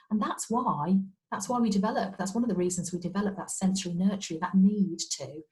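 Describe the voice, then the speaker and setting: A woman's voice: mid-range voice, low-quality recording. A woman, a speech and language therapist, giving a training talk over a video call in a chatty, explaining way. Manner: warm conversational explaining, many fillers and repetitions. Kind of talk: online training presentation.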